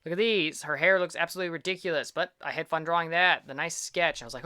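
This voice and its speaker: A young man talks casually as an art vlog host, rambling and upbeat as he pokes fun at his own work. His voice is bright and smooth. The recording is dry and close, with no room echo. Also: on the high side, fast. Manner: rambling, self-deprecating, upbeat. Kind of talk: casual chat.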